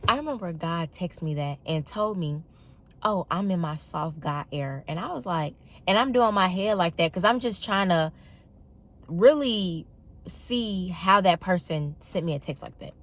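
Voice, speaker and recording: Young woman vlogger, lower voice, expressive and exasperated, talking straight to camera. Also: moderate pace. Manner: expressive, emphatic, exasperated storytelling. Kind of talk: casual monologue to camera.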